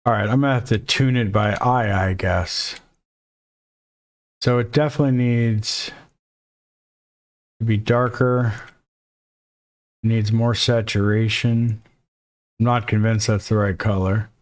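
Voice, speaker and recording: A man's voice: on the low side, fairly even intonation, slow, long pauses. A man teaching a casual screen-recorded coding lesson, thinking aloud and dropping jokey, self-deprecating asides as he works. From Mexico. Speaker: coding instructor.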